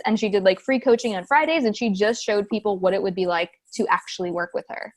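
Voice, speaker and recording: A woman's voice: mid-range voice, fast. A woman in her thirties, a business coach, talking casually as a podcast guest and acting out the voices of the people she quotes. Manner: animated storytelling, acts out quoted voices.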